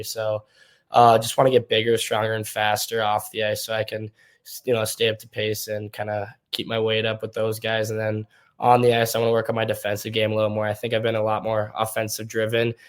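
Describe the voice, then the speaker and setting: A man's voice: fairly low pitch, smooth. A young man from Minnesota, a hockey player guest, talking casually and rambling through his stories in a podcast interview. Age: young adult. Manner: easygoing, rambling storytelling.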